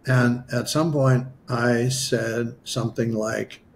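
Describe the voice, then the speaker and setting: A man's voice: mid-range voice, takes it slowly, a little hiss or hum. A man being interviewed as a healer, telling a personal story in a chatty way with many asides. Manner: animated, acts out his own past dialogue; conversational, with many asides and restarts. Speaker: spiritual healer guest.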